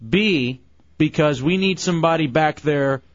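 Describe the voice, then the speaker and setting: A man hosting a live radio talk show, calmly trying to referee an argument. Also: a little high, unhurried, no echo, highs cut off.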